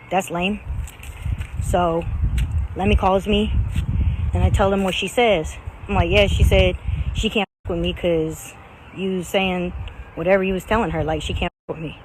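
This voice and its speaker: Reality cast woman, confessional storyteller, animated quoting; faint background noise. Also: medium pitch, normal speed, pauses often, poor audio. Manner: animated, quotes others in dialogue. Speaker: reality show cast member.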